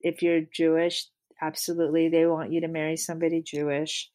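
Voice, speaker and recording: A middle-aged woman, a guest on an interview show, telling lively stories about her life in a casual chat. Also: deep voice, a little fast. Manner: animated storyteller.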